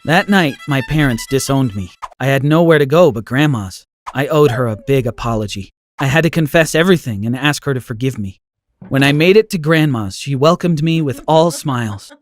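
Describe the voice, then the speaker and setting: Expressive male storyteller with lively pitch. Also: normal speed, no room sound. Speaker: narrator. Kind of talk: scripted storytelling narration.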